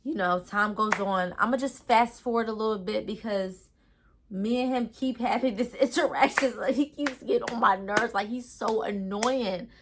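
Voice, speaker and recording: A young adult woman telling a casual storytime vlog in an animated, ranting way with lots of slang. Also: on the high side, normal speed, noisy background. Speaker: storytime vlogger.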